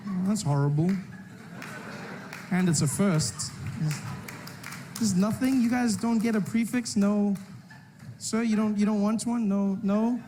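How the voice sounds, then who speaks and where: A man's voice: sits high, a little slow, long pauses, warm tone, slight background noise. A man performing a stand-up comedy routine on stage, riffing playfully with the crowd.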